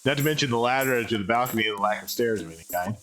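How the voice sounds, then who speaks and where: A man's voice: medium pitch, racing, fairly bright tone, close to an everyday voice. A man reading the lines of a curious, polite young female dinosaur traveler from a game on a live stream. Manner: polite and inquisitive, plainly read.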